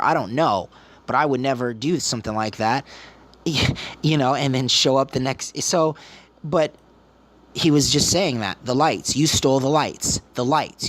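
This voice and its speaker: Thirty-year-old male vlogger, mid pitch, loose rambling storyteller. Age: 30s. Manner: rambling, repetitive retelling. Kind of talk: casual storytelling to camera.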